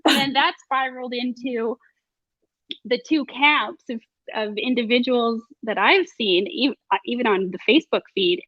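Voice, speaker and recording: A woman's voice: on the high side, normal speed, no room sound. A woman in casual conversation as a podcast host, chatty and reflective, laughing often. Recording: dull lo-fi sound.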